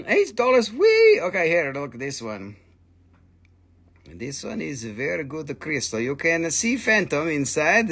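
Excitable man hosting a live crystal sale. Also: on the high side, breathy edge. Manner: excitable, squeals "whee" at prices, non-native phrasing. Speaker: livestream crystal seller. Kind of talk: live sales stream. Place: family crystal shop.

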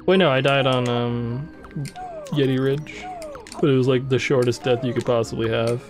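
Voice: medium pitch, fairly even intonation, normal speed, over music. A speedrun streamer giving playful, joking commentary while racing a friend.

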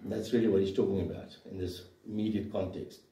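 In an echoey church hall, a pastor delivers an emphatic sermon packed with rhetorical questions, heard from a distance. His voice sits low and sounds mellow, and he speaks at a quick pace.

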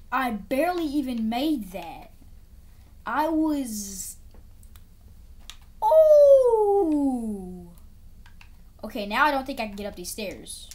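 Lively woman narrating her gameplay. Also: a little high, a little slow, long pauses. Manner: chatty, talks to herself, repeats phrases. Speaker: gameplay video creator. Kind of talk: casual gameplay commentary.

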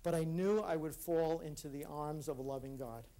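A man giving an earnest, reflective talk at a conference, speaking in a halting way with restarts. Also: fairly high pitch, warm tone. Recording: live talk in a hall.

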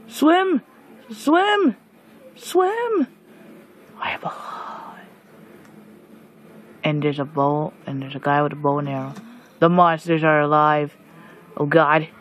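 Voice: mid-range voice, a bit bright, a little hiss or hum. A gamer giving casual let's-play commentary, jumpy and shrieking at monsters while muttering asides in between. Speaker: gameplay commentator.

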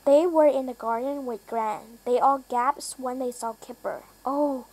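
A woman reading a children's storybook aloud, careful and deliberate. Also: high-pitched, darkish tone, rough recording. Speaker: reader.

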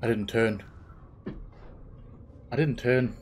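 A man's voice: mid-range voice, slow pace, background noise. A man giving let's play commentary on a game, jumpy and swearing constantly as he talks to the game. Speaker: gaming video host. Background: game music.

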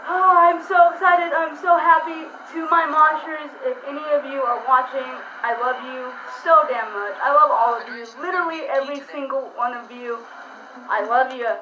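Excitable high-voiced woman in an echoey room. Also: noisy background. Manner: excitable and emotional, swears often. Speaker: wrestling reaction vlogger. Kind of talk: excited live reaction commentary. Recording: echoey room, dull lo-fi sound.

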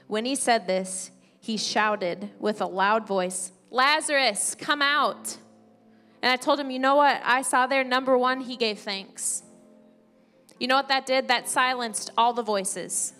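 Higher-voiced woman preaching in an echoey hall. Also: steady tone, a little slow. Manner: conversational preaching, reads scripture aloud. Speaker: pastor. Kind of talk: sermon. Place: church sanctuary. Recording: church hall reverb with soft music.

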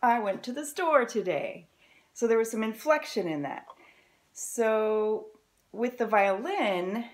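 A woman's voice: medium pitch, a little mellow. Upbeat woman violin teacher. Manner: upbeat, encouraging, explains step by step. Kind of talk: friendly music lesson to camera.

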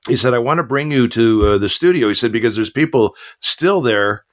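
A man's voice: medium pitch, brisk. An older man, a voice actor, chatting casually in an interview and telling stories with many fillers. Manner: relaxed storytelling with many fillers. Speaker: voice actor guest.

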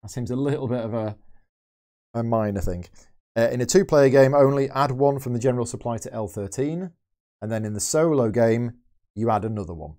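Speaking a little fast in a mellow, medium-pitched voice, a man plays a solo game for his board game channel. He reasons out loud and explains each move.

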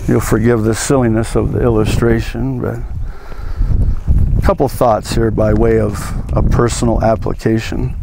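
A man, preaching as a pastor, animated, acting out biblical voices and laughing at his own jokes. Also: on the low side, moderate pace, gravelly, crowd noise. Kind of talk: outdoor teaching sermon. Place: outdoors at an archaeological site.

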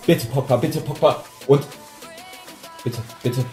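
A man's voice: mid-range voice, slow pace, pauses often, faint music behind. Pleading, exclaiming man. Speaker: gamer reacting to pack opening.

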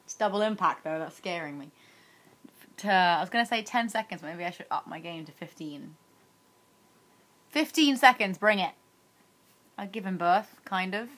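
A woman's voice: mid-range voice, expressive, normal speed, long pauses, fairly bright tone. A young woman chatting casually on her daily challenge vlog, teasing her husband and giggling a lot. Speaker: vlogger.

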